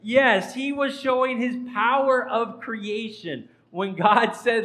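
A man's voice: very high-pitched, lively intonation, slow pace, fairly bright tone, rough recording. A man, a pastor, giving an interactive sermon in a church and quizzing the congregation by name in a playful way. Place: church sanctuary.

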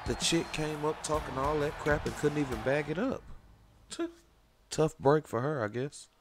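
A man's voice: fairly high pitch, animated, measured pace, slight background noise. A man hosting a gaming channel, giving casual, slangy let's-play commentary. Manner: laid-back, slangy reactions.

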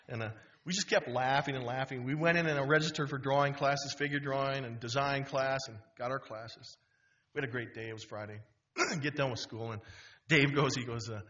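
Animated storytelling man in his fifties. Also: mid-range voice, brisk, a little hiss or hum. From Wisconsin. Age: 50s. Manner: animated, humorous, full of restarts. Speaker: guest speaker. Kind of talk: storytelling talk. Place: university auditorium. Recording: dull auditorium recording.

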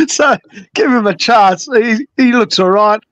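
A man's voice: sits high, takes it slowly, fairly bright tone, no echo, lo-fi sound. A man on a debate panel speaking in a hesitant, conciliatory way with many fillers. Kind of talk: heated online call-in debate.

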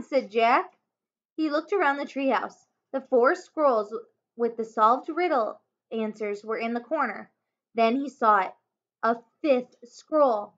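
A woman teacher reading a children's chapter book aloud, expressive, with small slips and self-corrections. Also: a little high, measured pace. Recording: dull lo-fi home recording.

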